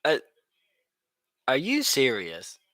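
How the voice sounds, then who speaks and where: A young man talks through a football game on his live stream, rambling and cracking jokes as he goes. His voice is bright and forward. The sound is dry and close, with almost no room around it. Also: medium pitch, huge pitch swings, slow pace, no echo. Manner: rambling, joking, laughs often. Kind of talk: casual live-stream commentary.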